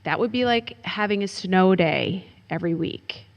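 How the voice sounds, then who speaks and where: A woman's voice: fairly low pitch, normal speed. Earnest mother in her forties at a meeting mic, with a reverberant hall and muffled sound. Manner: polite, earnest questioning. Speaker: parent giving public comment. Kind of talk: public comment at a board meeting. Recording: dull audio with long hall reverb.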